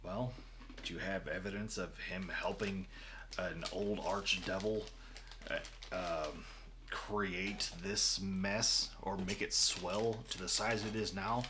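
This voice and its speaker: A man's voice: low-pitched, steady tone, slow pace, background noise, pitched below the performer's own voice. A man voicing a massive, fiery, evil-looking male knight who grumbles and resents intruders in a tabletop game. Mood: bitter.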